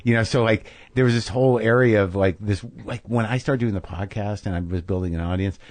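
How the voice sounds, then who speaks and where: A man in his fifties hosting a podcast interview, talking in a rambling, self-deprecating way and breaking into quick impressions of people. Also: fairly low pitch, no echo. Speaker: podcast host. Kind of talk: casual interview chat.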